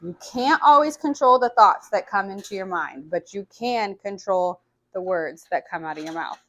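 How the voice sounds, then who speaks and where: A woman's voice: mid-range voice, lively intonation, normal speed, fairly bright tone. A woman in her forties, vlogging in a frank, casual way with lots of swearing and filler words. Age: 40s. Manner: frank and profane, filler-heavy, chatty. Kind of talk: candid casual vlog chat.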